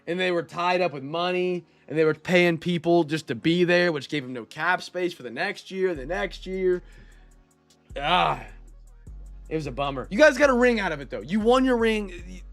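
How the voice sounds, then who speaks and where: A man's voice: sits high, normal speed, vocal fry, soft background music. A man hosting a live-streamed trading card break, chatting casually with viewers and reading out player names as he goes.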